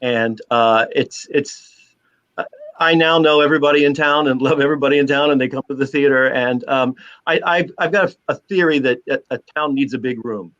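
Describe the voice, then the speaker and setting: Man, theater director guest, storytelling, medium pitch, muffled lo-fi sound. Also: fairly quick, a bit bright. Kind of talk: interview.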